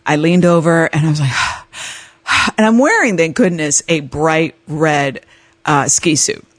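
A woman's voice: deep voice, animated, normal speed, dry recording. A middle-aged woman hosting a podcast, telling a personal story in a chatty, self-mocking way with many fillers. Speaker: podcast host. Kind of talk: casual storytelling monologue.

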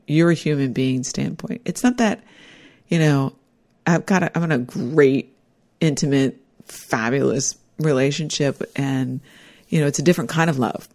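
A woman's voice: deep voice, animated, a little slow, darkish tone. A middle-aged woman giving a personal, reflective talk about life lessons, earnest and heartfelt. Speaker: speaker sharing life lessons.

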